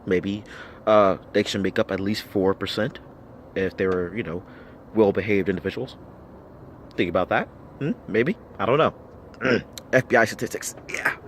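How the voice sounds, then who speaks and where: A man's voice: fairly low pitch, normal speed, long pauses, a little hiss or hum. An American man giving a blunt, heavily profane rant to camera, firing off rhetorical questions and repeating himself for emphasis. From United States. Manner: blunt, swears constantly, argumentative. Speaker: vlogger.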